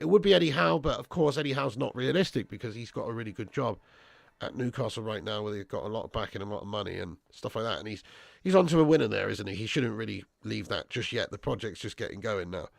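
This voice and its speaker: A man's voice: mid-range voice, expressive, fast talker, gravelly, no echo, studio quality. A young man hosting a football watch-along, reading out live chat with swearing banter and calling viewers lad and bro.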